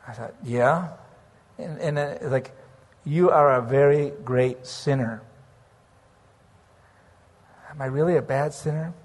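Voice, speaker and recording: Male preacher, earnest storyteller, lightly raised pitch, long hall reverb. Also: slow, pauses often. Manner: earnest storytelling, slips into praying aloud. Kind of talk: sermon testimony.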